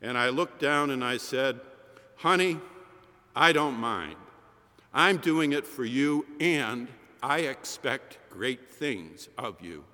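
A man speaking as an aging mother, moved to tears with pride, her words slow and tender. The tone is bright and forward. A long reverb trails each line. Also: medium pitch, expressive. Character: humble older mother weeping with joy.

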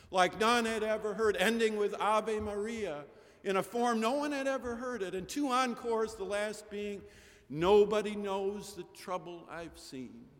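A man's voice: fairly high pitch, fairly bright tone. A middle-aged man preaching an Easter sermon, telling stories with rising, emphatic cadences. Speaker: pastor. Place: large chapel. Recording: long chapel reverb.

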